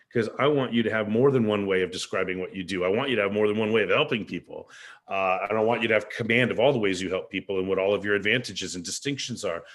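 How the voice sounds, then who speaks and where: Chatty middle-aged man hosting a stream. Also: fairly low pitch. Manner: chatty, digressive, upbeat. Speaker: host. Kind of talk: casual live-stream talk. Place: rented four-story house.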